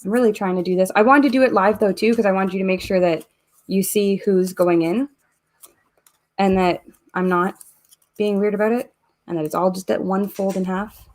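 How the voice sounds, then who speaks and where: A woman's voice: medium pitch, fairly even intonation, normal speed, long pauses, darkish tone. Chatty Canadian woman streaming live. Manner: chatty, reads viewer comments aloud while working. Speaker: host of a live giveaway stream. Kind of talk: casual live-stream chat.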